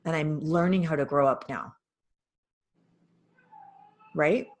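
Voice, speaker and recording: A woman's voice: deep voice, slow pace. A woman hosting a spiritual healing session, coaching a caller and guiding a visualization with direct, insistent instructions. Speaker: host and spiritual healer.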